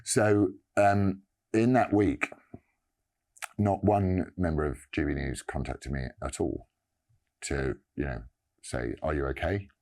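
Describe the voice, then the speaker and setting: A man giving an earnest personal statement, halting and pausing often. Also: sits low, fairly even intonation, darkish tone. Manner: halting, earnest, many pauses and restarts.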